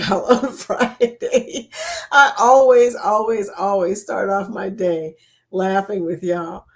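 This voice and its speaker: Slow-talking giggly woman host. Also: medium pitch. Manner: giggly, laughs often, greets viewers by name. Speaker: livestream host. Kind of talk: casual live-stream chat. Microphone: laptop mic.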